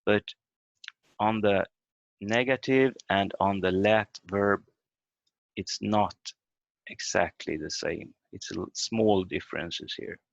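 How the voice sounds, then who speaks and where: A man teaching a language lesson over a video call, explaining step by step with halting fillers. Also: on the low side, creaky, dry recording. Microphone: computer mic on a video call. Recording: dull lo-fi video call audio.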